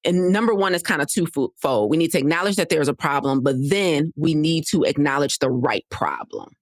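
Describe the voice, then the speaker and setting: In a solo teaching podcast, a woman speaks in a low voice at normal speed, with big pitch swings. Her style is conversational: she repeats key points and keeps asking "right?" The clean studio sound has no echo.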